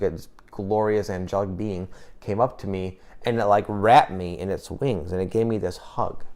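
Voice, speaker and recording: Man, 20s, low-ish voice, emotional confessional vlog storyteller who swears casually and halts and restarts his sentences. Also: a little mellow. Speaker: vlogger. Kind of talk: personal storytelling to camera.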